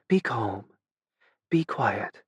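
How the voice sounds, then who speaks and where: Terse commanding woman, read by a male narrator, hushed clipped lines, dry booth sound. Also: lowish voice, sing-song, extremely slow, slightly rough, dry recording, full character voice. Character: fierce immortal woman, terse, commanding, grieving. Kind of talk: audiobook character reading.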